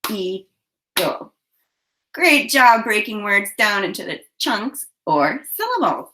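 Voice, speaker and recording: A woman teacher leading a phonics lesson for young children, giving slow, clearly enunciated prompts. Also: mid-range voice, big pitch swings, pushed and bright.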